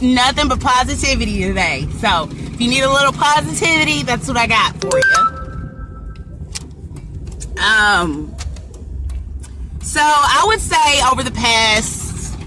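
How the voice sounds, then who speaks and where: A woman vlogger chatting casually and playfully on a live stream, recorded on a phone while out and about. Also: a little high. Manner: chatty, playful, laughs often. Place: in a car and out in town. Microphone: phone camera. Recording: phone recording with clear street noise.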